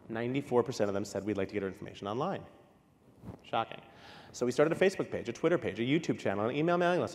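A New York man gives a conference keynote in a large hall, his medium-pitched voice carrying long reverb. He is animated, telling stories with quick asides and acted-out quotes.

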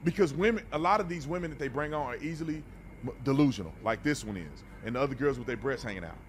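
A man's voice: medium pitch, lively intonation, quick pace, slight background noise. A man hosting a reaction video, talking bluntly and animatedly in a preachy, casual way and often repeating words.

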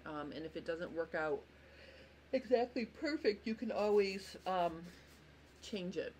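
A woman's voice: fairly low pitch, animated, unhurried, a little mellow, a little hiss or hum. A woman hosting a live sewing tutorial, chatty and apologetic as she walks viewers through tracing a pattern and greets them by name. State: tired, yawning. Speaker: sewing instructor and host.

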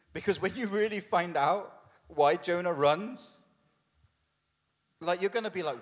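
A man preaching a sermon as a pastor, conversational and humorous, putting on quick voices for the people in his story. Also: high-pitched, in a large hall. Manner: conversational and humorous, with quoted asides. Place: church hall.

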